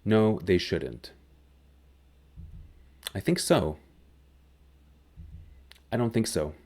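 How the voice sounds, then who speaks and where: A man teaching a grammar lesson, explaining slowly and clearly. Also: lowish voice, expressive, darkish tone. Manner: slow, clear, deliberate explanation. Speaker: English teacher.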